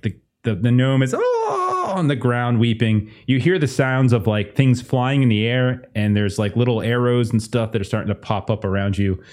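A man's voice: medium pitch, darkish tone. A man running a tabletop game as game master, narrating loosely with many fillers.

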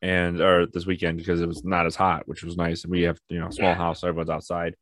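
A young man with a very low, deep voice chats casually on a podcast, telling home stories with animation. He jumps into high, squeaky voices to act out his toddler. The sound is dry and close, with no room echo. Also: monotone, fast, a bit bright. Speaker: podcast co-host. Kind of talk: casual chat.

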